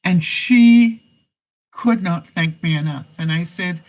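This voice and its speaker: Speaking slowly in a high voice on a low-quality recording, a man tells a story on his casual live stream. He's a vlogger responding to chat, folksy in manner, greeting commenters by name and filling gaps with frequent "you know"s.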